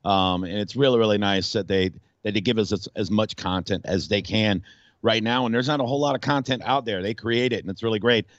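A male radio host in casual sports talk, animated and rambling, with frequent restarts. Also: on the low side, fairly quick, no echo, muffled recording.

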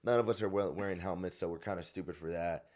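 Man, very low voice, casual storytelling, slangy, laughing between lines, from Arizona. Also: fairly even intonation, quick pace, a little mellow.

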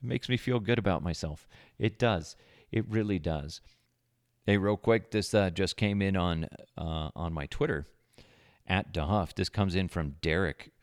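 A man with a deep, gravelly voice talks through a casual podcast monologue from his home desk. He jokes crudely and swears freely, and the sound is close and dry. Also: measured pace, no room sound. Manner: crude, joking, profane. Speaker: podcast host. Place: home office, indoors. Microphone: podcast microphone.

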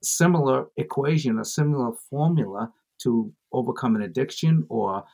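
A man with a husky, slightly rough voice spins an anecdote as a podcast guest. His delivery is animated and playful, and he jumps into other characters' voices as he tells it. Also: medium pitch, moderate pace. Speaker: comedian guest. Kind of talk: storytelling interview chat.

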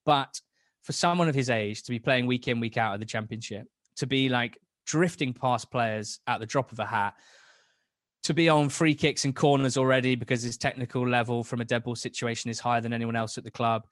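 A man's voice: mid-range voice, fairly even intonation, fairly quick, fairly bright tone, dry recording, clean studio sound. A young man talking as a football podcast guest, chatty and enthusiastic, often restarting his sentences. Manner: enthusiastic, rambling, many restarts. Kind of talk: casual chat.

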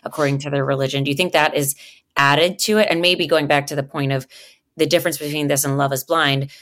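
A woman's voice: deep voice, steady tone, fast talker, fairly bright tone. A woman co-hosting a podcast in casual chat, thinking aloud and asking long questions. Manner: thoughtful, asks long questions. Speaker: podcast co-host.

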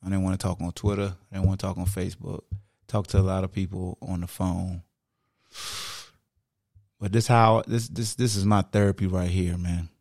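A man's voice: sits low, level tone, normal speed, creaky, darkish tone, no room sound. A man hosting his own sports podcast in a laid-back, slangy casual chat on a studio mic. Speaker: podcast host. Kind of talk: casual solo podcast talk.

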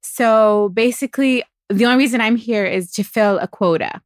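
Emirati woman guest, bright higher voice, animated storyteller who acts out quotes, dry studio sound. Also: moderate pace, no echo. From United Arab Emirates. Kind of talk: conversational storytelling.

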